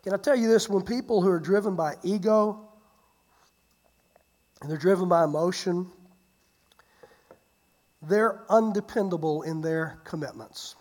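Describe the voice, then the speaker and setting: A pastor preaching a sermon, retelling a Bible story with animated swings between loud and hushed delivery, often repeating and restarting words. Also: mid-range voice, unhurried, long pauses.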